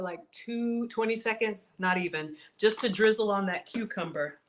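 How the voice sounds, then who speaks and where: A woman hosting a casual live cooking stream from her kitchen, chatty and excitable, talking straight to her viewers as she cooks. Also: medium pitch, slight background noise. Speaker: cooking livestream host. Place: home kitchen.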